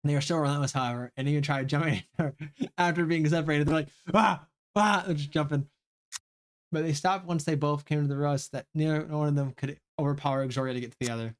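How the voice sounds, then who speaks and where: A man's voice: on the high side, fairly even intonation, fast talker, smooth. A man streaming a story game live, reading aloud and reacting with frequent swearing.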